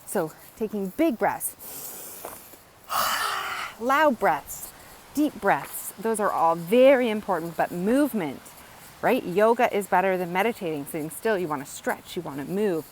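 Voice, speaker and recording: A woman's voice: medium pitch, lively intonation, a little slow, a little hiss or hum, low-quality recording. A woman educator explaining in a casual, earnest teaching monologue, often repeating phrases and checking in with "right?". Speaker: wellness educator.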